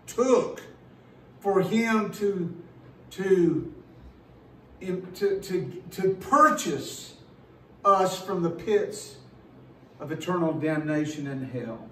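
A pastor preaching a sermon in an earnest, emphatic way, slowing down and repeating words as he builds a point. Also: high voice, lively intonation, fairly bright tone, echoey room, far from the mic, a little hiss or hum, rough recording.

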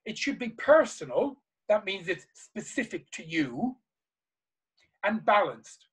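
A man speaks slowly in a high, sing-song voice with a breathy edge, delivering a motivational seminar to a live audience. He's emphatic and passionate, repeating key phrases, and the recording is rough.

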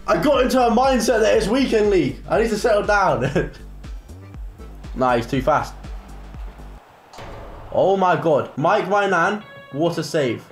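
A young man giving excitable live gameplay commentary, bursting into shouts and repeated cheers. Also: high-pitched, measured pace, pauses often. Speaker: gaming creator. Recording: roomy echo with faint music.

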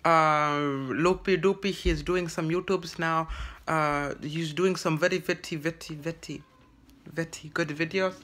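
Vlogger, comic in-character rant, bright edge, stammering, put-on broken English. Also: mid-range voice, steady tone. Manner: halting and rambling, full of stammered restarts. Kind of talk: comedic vlog monologue in character.

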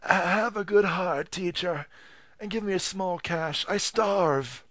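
A man's voice: high-pitched, slow pace, a bit bright, dry recording, pitched above the performer's own voice. A man voicing a ragged male beggar in a storybook reading, whining and pleading.

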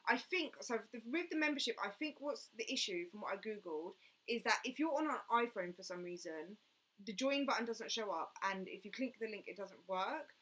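A woman's voice: mid-range voice, lively intonation, fairly quick, fairly bright tone. A young woman hosting a casual fitness live stream, chatting and answering viewer comments with lots of "like" and "mate".

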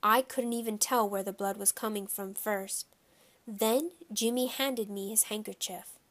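A woman narrating a children's audiobook in a measured, storytelling first-person reading. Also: medium pitch, fairly even intonation, fairly bright tone.

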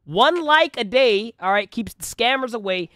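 A young man hosting a reaction channel, chatting casually and excitedly with lots of slang and swearing. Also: extremely high pitch, normal speed, no echo, studio quality. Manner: slangy, animated, swears often.

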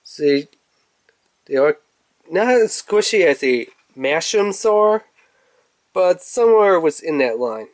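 A man casually reviewing and unboxing a toy, chatty and rambling, with bursts of excitement. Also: a little high, slow pace, long pauses, no room sound. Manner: chatty, rambling with fillers, excitable when revealing toys.

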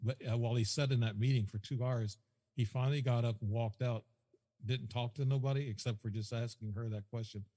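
A man's voice: mid-range voice, steady tone, fairly quick, mellow, big-room sound. A man as a podcast guest, telling a rambling story that repeats itself and quotes whole conversations. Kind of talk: casual storytelling.

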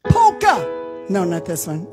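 A woman's voice: lowish voice, animated, moderate pace. A woman singer hosting an online holiday show, chatting casually between songs, laughing and reading out viewer comments. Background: backing music.

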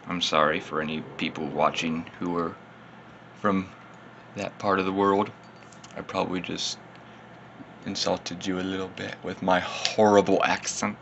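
A man's voice: low voice, little pitch movement, measured pace, gravelly, a bit bright, slight background noise. A man, slightly tipsy, rambling casually through a beer tasting in his vlog and poking fun at himself. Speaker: beer reviewer.

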